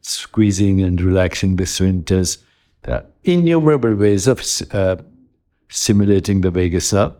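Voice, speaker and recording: Deep-voiced man in his seventies. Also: animated, dark tone. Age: 70s. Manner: measured, lists ideas one by one. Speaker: interview guest, wellness author. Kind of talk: calm interview answers.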